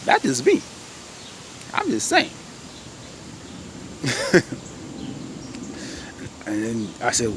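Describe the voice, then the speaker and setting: A man casually recapping a TV episode, animated, exclaiming and laughing as he retells the scenes. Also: medium pitch, extremely slow, pauses often, background noise. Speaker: TV episode reviewer.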